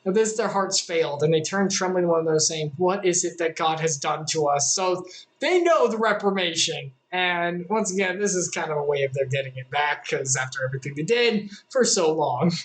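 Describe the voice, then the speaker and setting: A Bible study leader with a mid-pitched voice. The leader reads a passage of scripture aloud, then retells it in relaxed, conversational language with fillers and asides. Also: a little fast, rough recording.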